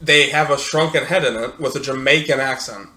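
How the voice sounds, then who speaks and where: A man co-hosting a podcast, arguing in casual chat, loud and profane and quick to laugh. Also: mid-range voice. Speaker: podcast co-host.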